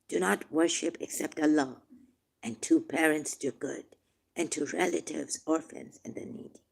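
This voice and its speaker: A man reading scripture verses aloud and commenting on them, turning emotional, shifting between quiet musing and loud, drawn-out declaiming. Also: fairly high pitch, fairly even intonation, gravelly, husky. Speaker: religious commentator.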